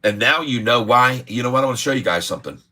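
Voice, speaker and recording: A man's voice: mid-range voice, animated, fast talker, pushed and bright. A middle-aged man hosting a day-trading livestream, talking in a chatty, jokey way, often laughing and repeating himself. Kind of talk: casual livestream chat.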